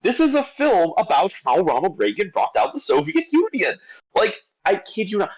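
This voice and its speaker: Animated, exasperated man ranting about a film. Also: sits high, normal speed, rough recording. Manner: animated, exasperated rant with many restarts. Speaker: podcast movie critic. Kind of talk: casual podcast discussion.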